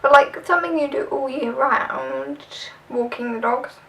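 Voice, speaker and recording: A woman's voice: high-pitched, unhurried, gravelly, a bit bright, recorded from a distance, low-quality recording. A young woman with a southern English accent, chatting casually through a tag video with lots of fillers. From southern England. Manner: chatty, rambling, filler-heavy. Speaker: vlogger.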